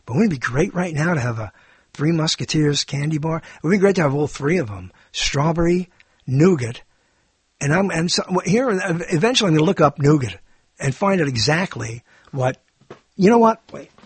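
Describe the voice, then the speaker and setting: Husky, playful talk-show host rambling. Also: male voice, fairly high pitch, expressive, moderate pace, no echo. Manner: playful, digressive, bursts into singing and silly wordplay. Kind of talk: rambling comic monologue. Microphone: boom mic.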